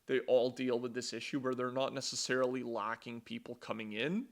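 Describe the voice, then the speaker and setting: A man's voice: mid-range voice, steady tone, brisk. A young man talking casually in a vlog about his business, rambling and swearing, with frequent restarts. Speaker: vlogger, entrepreneur.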